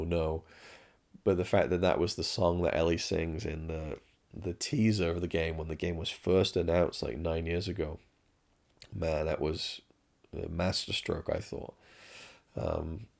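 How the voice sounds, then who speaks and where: Gravelly deep-voiced man ranting casually. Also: a little mellow. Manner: rambling, frank, swears freely, many restarts. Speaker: show reviewer. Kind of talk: casual spoken review.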